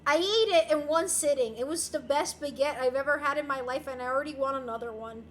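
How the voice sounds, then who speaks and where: A woman's voice: high voice, brisk, a little hiss or hum. A young woman chatting casually on a livestream, answering viewer messages in a bubbly, giggly, playful way. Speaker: streamer. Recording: roomy echo.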